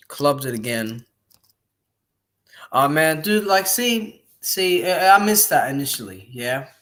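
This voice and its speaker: Young male streamer, unhurried delivery, rambling and blunt, casual commentary. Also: medium pitch, fairly bright tone. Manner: blunt, rambling, swears freely. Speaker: boxing streamer.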